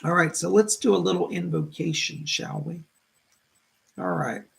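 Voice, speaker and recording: A man's voice: high-pitched, normal speed, creaky. A man hosting a psychic live stream in a chatty, effusive way, greeting viewers by name and reading out their comments. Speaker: psychic livestream host. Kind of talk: casual live-stream chat.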